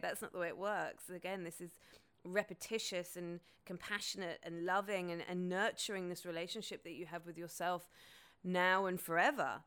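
A woman's voice: lowish voice, fairly even intonation, normal speed, a bit bright, clear, resonant tone. A woman, hosting a podcast in a candid, casual, sweary monologue. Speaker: podcast host.

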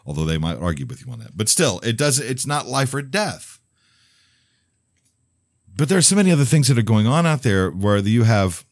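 A man's voice: fairly low pitch, dry recording, clean studio sound. A man hosting a radio talk show, musing in a rambling, blunt, opinionated monologue full of restarts and asides. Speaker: radio host. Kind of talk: casual monologue.

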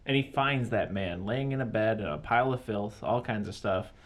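A man's voice: on the low side, moderate pace, dull audio. A man co-hosting a casual movie chat, bluntly retelling the plot with swearing and quoted asides. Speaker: podcast co-host.

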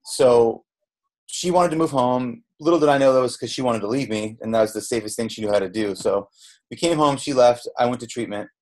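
Speaking fairly quickly, a middle-aged man with a medium-pitched, slightly mellow voice recounts his story on a podcast. He's a Southern California chef, candid and rambling, often restarting and quoting what people said. The relaxed interview is picked up by a podcast microphone.

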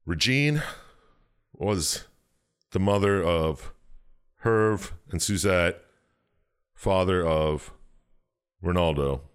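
A man's voice: low-pitched, very slow, pauses often, clear, resonant tone. A man casually recapping a game's story, rambling and swearing, slipping into quoted voices. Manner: rambling, profane, jumps into silly quoted voices. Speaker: podcast co-host recapping a game story. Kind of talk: casual chat.

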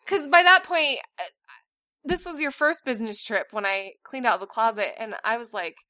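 A woman in her thirties co-hosting a podcast in casual chat, telling animated stories and laughing often. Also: fairly high pitch, moderate pace, no echo, studio quality. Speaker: podcast co-host.

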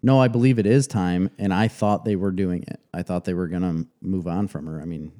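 A man's voice: low-pitched, steady tone, brisk, dark tone. A man co-hosting a podcast, chatting casually and teasing his partner with jokes. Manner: joking, teasing banter. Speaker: podcast co-host. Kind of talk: casual chat.

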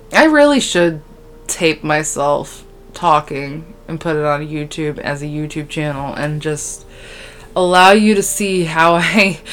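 A sleep-deprived young woman hosting a solo podcast, rambling casually with lots of fillers and trailing sentences. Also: fairly low pitch. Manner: rambling, scatterbrained, valley-girl fillers. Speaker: podcast host. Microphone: podcast microphone.

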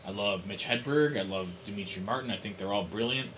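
A man's voice: fairly low pitch, fairly quick, fairly bright tone, slight background noise. A man in casual podcast chat, rambling and correcting himself as he makes dry jokes.

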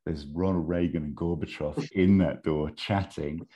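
His voice is extremely low and warm, fairly even in intonation and unhurried. He's casually recounting a film plot he made up, rambling, filling gaps with ums, and adding amused asides.

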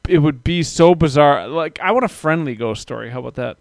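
A man's voice: fairly high pitch, animated, a little fast, vocal fry, no echo, clean studio sound. A man hosting a casual podcast chat, talking loosely and reading out listener comments. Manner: chatty, self-deprecating, reads out listener comments. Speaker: podcast host.

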